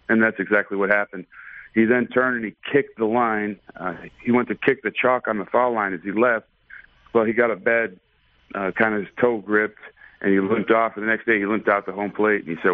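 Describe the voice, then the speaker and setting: A man, a baseball umpire, telling stories in a relaxed, thoughtful way with many fillers during a radio interview. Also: lowish voice, brisk, no room sound. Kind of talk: casual storytelling in a radio interview. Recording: dry phone line.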